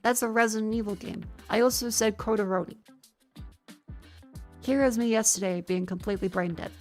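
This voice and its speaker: A woman streamer, stuffy from a sinus infection, chatting casually on a desk mic in a profane, rambling, excitable way. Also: medium pitch, fairly quick, pauses often, faint music behind. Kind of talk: casual gaming stream chat. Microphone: desk microphone.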